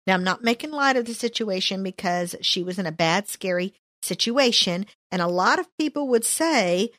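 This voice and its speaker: A woman's voice: medium pitch, animated, normal speed, a bit bright, dry recording, studio quality. A woman leading a casual Bible study, reading verses aloud and adding her own comments. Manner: reads verses then comments, playful asides.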